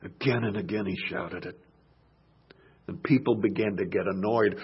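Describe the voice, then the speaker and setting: A man preaching a sermon, dropping to hushed murmurs and rising to loud shouted passages. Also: lowish voice, fairly even intonation, moderate pace, long pauses, slightly rough, highs cut off.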